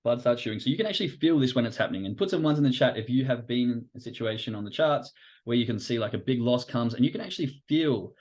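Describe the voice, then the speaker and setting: A man of middling pitch hosting a live trading-psychology stream. He is loose and animated, curses freely, and drops into quick acted-out inner voices as he explains. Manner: casual and animated, swears, acts out inner voices. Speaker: host.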